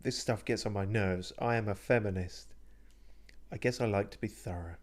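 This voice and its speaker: Man, lowish voice, casual game commentary, laughs a lot. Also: fairly quick. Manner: chatty, laughs often, reads out choices. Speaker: streamer. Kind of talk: casual let's play commentary.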